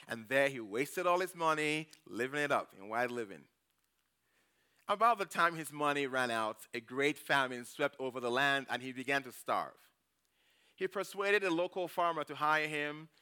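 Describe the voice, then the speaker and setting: A man's voice: fairly high pitch, pushed and bright, clear, resonant tone. A man preaching as a church elder, retelling a Bible story in a chatty way and often checking in with his listeners. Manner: chatty, checks in with "okay?" and "you know". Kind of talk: conversational sermon with Bible retelling.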